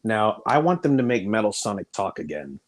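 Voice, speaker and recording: A man's voice: lowish voice, big pitch swings, brisk. A man in a casual fan chat, easygoing and agreeable.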